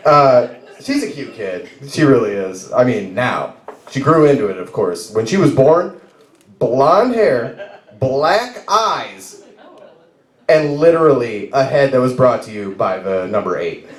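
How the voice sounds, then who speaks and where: A man's voice: mid-range voice, expressive, slow pace, long pauses. A man in his thirties doing a stand-up comedy set, rambling and laughing at his own jokes. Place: bar stage, live open mic. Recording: roomy bar with echo.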